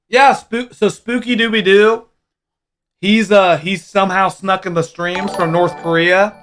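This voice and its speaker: A man's voice: high voice, fairly even intonation, slow pace, pauses often, a bit bright. A man hosting a livestream in casual chat, rambling and often restarting and repeating his words. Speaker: livestream host.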